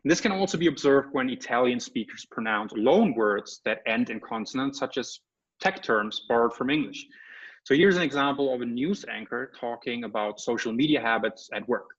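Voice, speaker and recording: A man's voice: medium pitch, normal speed, husky. A man giving an academic lecture as a guest speaker. He explains step by step and often checks in with "right?" or "okay?". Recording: slightly muffled lecture audio.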